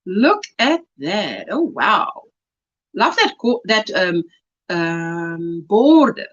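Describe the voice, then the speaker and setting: A South African woman hosting a casual crochet livestream, chatting warmly and reading viewer comments aloud with delight. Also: medium pitch, big pitch swings, drawn-out words, dull audio.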